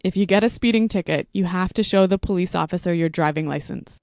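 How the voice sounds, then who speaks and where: A woman reading vocabulary words and example sentences for English learners, in a slow, deliberate, evenly paced way. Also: on the low side, darkish tone, no room sound. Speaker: English teacher.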